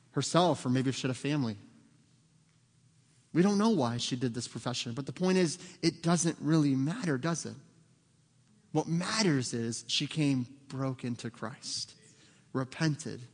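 Male pastor, mid-pitched, earnest sermon delivery, long reverb from the hall. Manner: earnest, rhetorical questions, acts out quoted voices.

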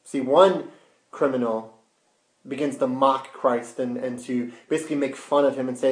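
A man preaching a sermon with rhetorical questions and sudden hushed drops. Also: medium pitch, moderate pace. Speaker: pastor. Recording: roomy echo.

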